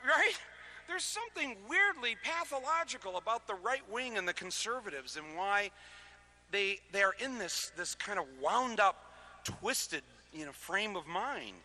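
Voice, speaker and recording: A man speaks to a live audience in a high, sharp voice with a gravelly edge. He keeps the talk loose and conversational, trips over his words and chuckles between points. He is amplified through a stage microphone. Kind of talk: live political talk with comic asides. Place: public lecture venue before an audience.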